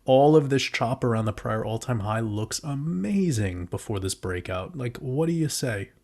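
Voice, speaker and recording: A man giving casual, profane commentary on crypto price charts, breaking into excited outbursts. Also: medium pitch, moderate pace, creaky.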